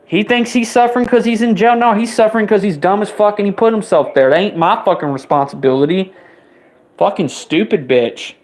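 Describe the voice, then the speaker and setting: A man in his twenties delivering an angry, profane rant, his voice jumping higher whenever he gets riled up. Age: 20s. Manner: heated, rapid-fire swearing, voice spiking up when riled.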